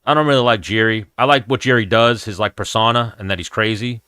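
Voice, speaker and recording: A man's voice: on the low side, quick pace, bright, forceful tone, smooth, dry recording, clean studio sound. A man, hosting a casual MMA chat stream in a blunt, profane, rambling way. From New York, USA. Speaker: MMA show host answering chat.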